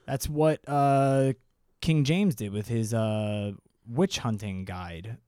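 A man co-hosting a casual podcast, talking in an animated way and slipping into silly high impressions. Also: slow pace, smooth, dry recording, clean studio sound. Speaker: podcast co-host. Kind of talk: casual chat.

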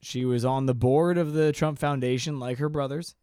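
A man's voice: mid-range voice, fairly even intonation, normal speed, mellow, clear, resonant tone, no room sound, studio quality. A man co-hosting a podcast, chatting casually with sarcastic jokes and frequent swearing. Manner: sarcastic, swears freely, slips into mock voices. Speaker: podcast co-host.

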